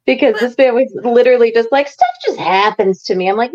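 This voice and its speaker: A woman's voice: on the high side, a little fast, muffled recording. A woman co-hosting a casual podcast, retelling scenes and acting out the quotes. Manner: animated retelling, acts out quotes. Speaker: podcast co-host. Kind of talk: casual chat about a TV series.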